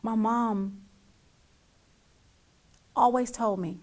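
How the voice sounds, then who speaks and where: A middle-aged woman hosting a talk show, giving an emotional, emphatic monologue to her viewers that swings from loud to nearly whispered and repeats lines for weight. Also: mid-range voice, normal speed, vocal fry, pauses often, husky.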